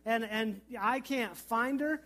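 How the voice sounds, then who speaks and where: A man's voice: sits high, steady tone, moderate pace. A middle-aged man, a pastor, preaching a sermon and telling funny childhood stories. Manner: storytelling with humor and vivid childhood anecdotes.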